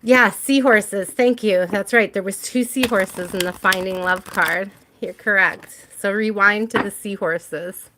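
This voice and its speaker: Against a noisy background, an American woman running a tarot livestream speaks at a measured pace with a medium pitch and few pauses. She's chatty and laughs frequently, reading viewer names aloud as she talks with them.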